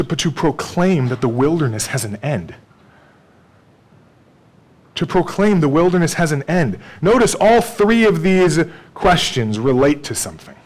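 A man preaching a sermon in a conversational way, acting out bits of dialogue and laughing with the congregation. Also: on the low side. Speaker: pastor.

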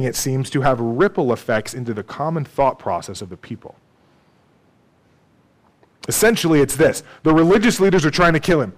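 A man preaching a sermon in a conversational way, often checking in with "okay?" and "right?". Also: on the high side.

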